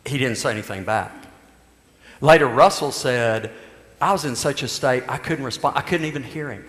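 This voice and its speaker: A male pastor tells a story from the pulpit, stopping and restarting his sentences as he goes. His voice sits at an ordinary pitch. It rings through a church hall with a long, roomy reverb. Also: a bit bright. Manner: storytelling with frequent restarts and asides. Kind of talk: sermon.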